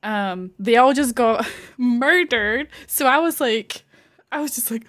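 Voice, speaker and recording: A woman's voice: high-pitched, moderate pace, a bit bright. A young woman streamer chatting casually, gushing and rambling with lots of fillers and the odd swear word. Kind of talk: casual chat.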